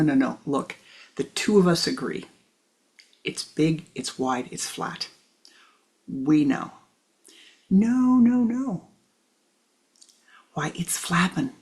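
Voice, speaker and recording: A woman voicing two insistent characters who feel a flapping ear, in a hushed, breathy voice in a spiritual teaching story. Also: fairly low pitch. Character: two excited worried little ones feeling a flapping ear.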